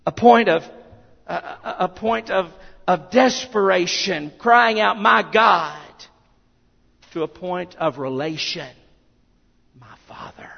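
A man preaching a sermon, swinging from loud declaring to hushed near-whispers. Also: high-pitched, measured pace, gravelly, big-room sound, lo-fi sound.

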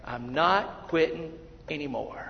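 A man preaching a fervent sermon as pastor of a church, swinging from shouted lines to hushed asides. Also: on the high side, slow, gravelly. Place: church sanctuary. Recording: dull, lo-fi, with long hall reverb.

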